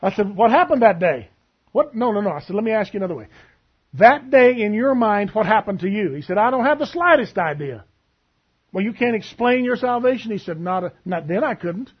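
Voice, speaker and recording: Husky man preaching a sermon. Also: sits high, expressive, fairly quick, muffled recording. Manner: storytelling, acts out both sides of a conversation.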